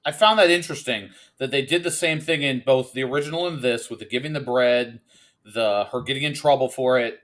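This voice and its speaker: A man co-hosting a relaxed movie discussion, talking fast with incredulous asides. His pitch sits in a middle range for a man. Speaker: podcast co-host. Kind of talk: casual movie review chat.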